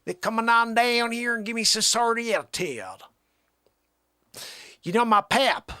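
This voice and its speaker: A man's voice: very high voice, a little slow, sharp tone, clear, resonant tone, voice pushed up, heavily acted. A man putting on a hollering Southern country guy. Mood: rowdy. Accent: Southern US put-on.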